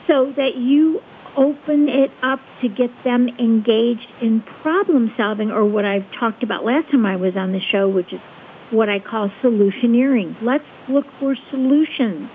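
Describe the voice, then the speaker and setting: Woman guest, high-ish voice, calm teacher, tinny phone line with hiss. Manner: calm, measured, checks in with "okay?". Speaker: guest expert on conflict resolution. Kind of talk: explaining a technique step by step.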